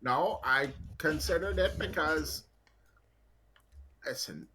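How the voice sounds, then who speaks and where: A man's voice: fairly high pitch, slow, bright, forceful tone, slight background noise. A man playing a tabletop game in character, joking and rambling. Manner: rambling, playful, talks through laughs. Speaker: player.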